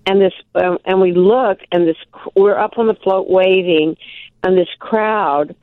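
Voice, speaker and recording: An older woman from Milwaukee, telling animated, self-deprecating stories as an interview guest. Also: medium pitch, unhurried, no room sound. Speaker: guest, actress and author. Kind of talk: casual interview storytelling. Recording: tinny phone line, dry.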